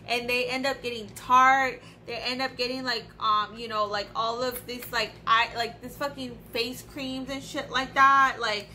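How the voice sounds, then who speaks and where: Young woman beauty vlogger, a little high, profane and blunt, faint background hiss. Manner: profane, blunt, animated ranting. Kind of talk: casual unboxing vlog.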